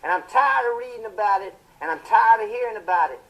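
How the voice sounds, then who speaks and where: An actor playing a fiery male television preacher, delivering a sermon in a booming, impassioned style with drawn-out emphatic phrases. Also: animated, fairly bright tone, low-quality recording.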